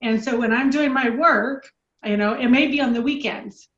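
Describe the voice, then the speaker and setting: A woman's voice: a little high, moderate pace. A woman joining a casual interview, chatty and teasing. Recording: roomy, dull lo-fi sound.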